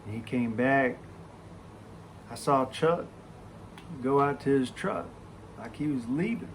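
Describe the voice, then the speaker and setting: Gravelly, profane male storyteller. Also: mid-range voice, slow pace, slight background noise. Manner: profane, animated raconteur. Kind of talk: casual spoken storytelling.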